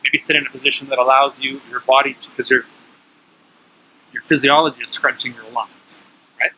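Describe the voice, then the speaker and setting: A man's voice: medium pitch, steady tone, normal speed, bright, forceful tone, breathy edge, low-quality recording. A man teaching breathing awareness to a small group in a casual, coaching way, often checking in with his listeners. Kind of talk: casual instructional talk.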